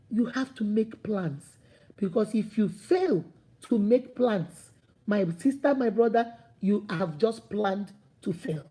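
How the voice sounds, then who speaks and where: A woman giving an animated, preachy motivational talk, acting out the voices of imagined people. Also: medium pitch, slow pace. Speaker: motivational speaker.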